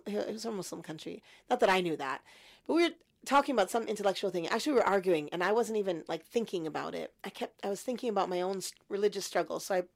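A woman in her fifties, a guest in an interview, telling a personal story in a lively way and acting out her younger self. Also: medium pitch, gravelly. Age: 50s. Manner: animated storyteller, acts out her past self.

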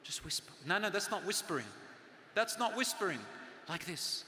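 A man in his forties giving a live talk to an audience, with loud and soft swings and near-whispered asides for emphasis. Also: high-pitched, lively intonation, moderate pace, slight background noise. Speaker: speaker on parenting and teaching. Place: large hall with a live audience. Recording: long hall reverb from a live talk.

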